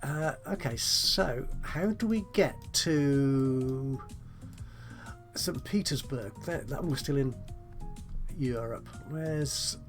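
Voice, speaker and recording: A man's voice: medium pitch, takes it slowly, soft background music. A man talking through a strategy game as he plays, musing aloud in a politely chatty, self-deprecating way. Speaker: let's play host. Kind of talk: gameplay commentary, thinking aloud.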